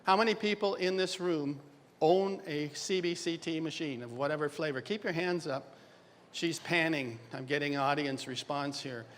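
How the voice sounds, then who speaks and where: An older man from Canada gives a conference lecture with a wry, self-mocking humor, bantering with the crowd. His voice sits a bit high for a man. The sound rings with the long reverb of a large hall. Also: moderate pace, fairly bright tone, a little hiss or hum. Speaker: dental radiology lecturer.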